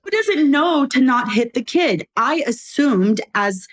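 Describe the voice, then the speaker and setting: A middle-aged woman, a guest on a podcast, telling a story in a casual, animated way, acting out quoted lines and laughing often. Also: high voice, slow. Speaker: podcast guest, former preschool owner.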